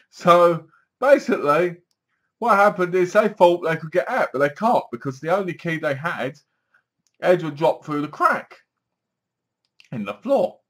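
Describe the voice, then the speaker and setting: A man's voice: a little high, fairly bright tone. A man giving a casual spoken review of a TV episode, acting out the scenes as he retells them. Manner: chatty, acts out scenes with sighs and gasps.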